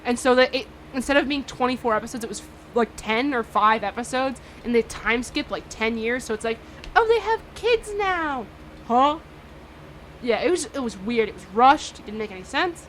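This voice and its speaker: A woman's voice: on the high side, fairly quick, hardly any pauses, fairly bright tone, slight background noise. A woman in her twenties hosting a radio show, chatting casually between songs with a rambling, laugh-prone manner full of fillers and restarts. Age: 20s.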